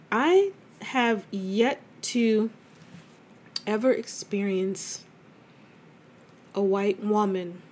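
A woman's voice: mid-range voice, darkish tone, a little hiss or hum. A middle-aged woman talking candidly and conversationally as a host, speaking straight to her listener and calling her "girl". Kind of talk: casual confessional talk.

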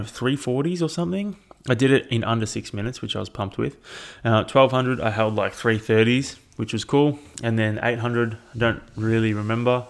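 A young man with a low, gravelly voice talks through his week of workouts in a loose, rambling way. He swears freely and keeps it casual, speaking into his own mic. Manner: relaxed, rambling, swears often. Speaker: triathlete sharing training update. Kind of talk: casual chat. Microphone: own microphone.

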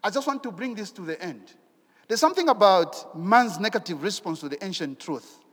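High-voiced man preaching in a hall. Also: fairly quick, breathy edge. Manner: animated, rhetorical questions, repeats phrases. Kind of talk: sermon.

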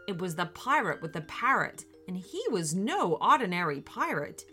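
A woman narrating a children's story with an expressive, animated reading. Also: fairly low pitch, moderate pace, hardly any pauses, breathy edge, soft background music.

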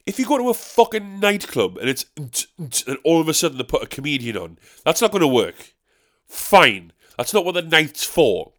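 A man from South Shields with a North East English accent, a stand-up comedian talking in a casual monologue, ranting and swearing with sharp, high-pitched outbursts of disbelief. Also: big pitch swings, normal speed. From South Shields, England.

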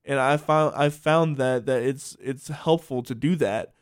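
A man's voice: medium pitch, measured pace. A young man hosting a podcast interview in a casual, rambling way, with many fillers and restarts. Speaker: podcast host.

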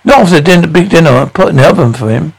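A tired, put-upon wife in a sitcom. She talks mildly and plaintively. Her voice has a gravelly edge. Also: low voice, animated, racing, heavily acted. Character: weary, put-upon middle-aged wife and mother.

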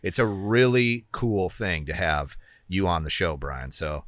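A man's voice: sits low, expressive, measured pace, a bit bright, no echo. A man co-hosting a podcast, talking earnestly in casual chat. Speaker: podcast co-host.

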